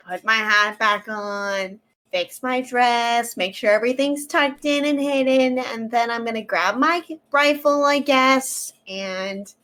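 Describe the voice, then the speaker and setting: A woman playing a tabletop game, describing her character's actions in a relaxed way with fillers. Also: fairly high pitch. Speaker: player. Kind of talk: casual tabletop play.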